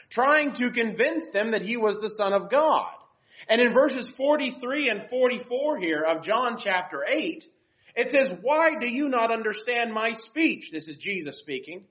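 Woman, Bible teacher, earnest devotional lesson, animated pitch, dull lo-fi sound. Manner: earnest, reads scripture aloud. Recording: dull lo-fi recording.

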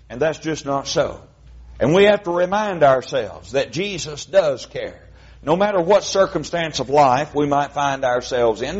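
A man's voice: mid-range voice, slightly rough, dull audio. A man preaching a sermon in a folksy, conversational way, with frequent fillers.

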